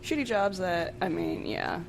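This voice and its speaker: A woman's voice: lowish voice, sing-song, unhurried, vocal fry, a little hiss or hum. Sarcastic woman co-host, swearing casually. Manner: sarcastic, joking, swears freely. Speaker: podcast co-host. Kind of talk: casual chat.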